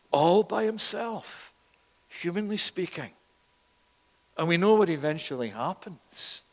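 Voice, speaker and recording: Preacher guy giving a sermon, highish voice, lots of hall echo. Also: lively intonation, a little slow, long pauses. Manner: emphatic, rising and louder at key points, with repeated words. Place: church. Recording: long echo of a church hall.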